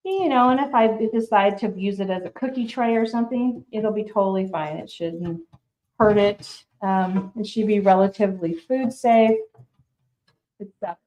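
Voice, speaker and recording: A woman's voice: medium pitch, normal speed, darkish tone, poor audio. An older woman, a shop owner and grandmother, chatting casually on a livestream and slipping into sing-song baby talk with her grandkids. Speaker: furniture painting shop owner.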